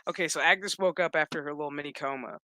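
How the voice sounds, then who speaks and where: Bright-voiced man recapping casually. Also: fairly high pitch, fast talker, no room sound. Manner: rambling, profane, animated. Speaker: host.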